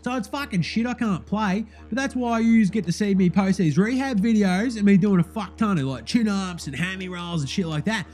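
A man's voice: high-pitched, voice pushed up. A man voicing a brash, crude Australian basketballer who swears constantly, with an Australian accent. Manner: swearing, loud, rowdy, drawn-out vowels.

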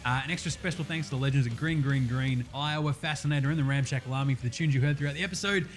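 Profane, joking Australian podcast host. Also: male voice, medium pitch, racing, soft background music. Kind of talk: casual sports podcast chat.

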